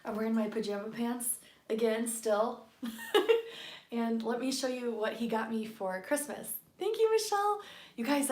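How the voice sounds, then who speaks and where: A woman chatting casually on a live stream as a tarot reader, bubbly and giggly, often dropping to a hushed voice so she won't wake her daughter. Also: a little high, reverberant. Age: adult with a young daughter. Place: home workspace at night.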